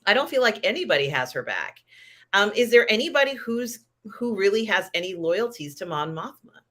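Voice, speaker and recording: A woman co-hosting a casual pop culture chat, recapping in a measured, thoughtful way. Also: mid-range voice, very animated, fairly bright tone. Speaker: co-host.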